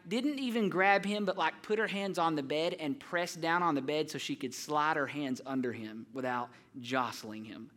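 A young man preaching a sermon as pastor, telling a story earnestly with restarts, rising in energy and then dropping soft. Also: fairly high pitch. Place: church.

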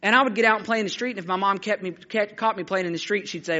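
A man's voice: high voice, rapid-fire. A male pastor preaching a sermon, telling stories and acting out the voices in them. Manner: storytelling, animated, acts out quotes. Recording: dull lo-fi recording.

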